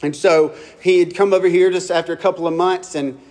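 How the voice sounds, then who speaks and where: A man's voice: sits high, fairly even intonation, fairly quick, a little mellow. A male pastor preaching a sermon. He talks like he's telling a story to friends, loose and conversational, and often restarts a phrase before finishing it. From Kentucky.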